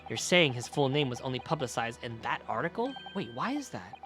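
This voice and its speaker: A man streaming a video game and reacting out loud. His commentary is animated and excitable, and his pitch swings a lot. Faint music plays under his voice. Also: brisk. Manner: animated, excitable, swears, laughs.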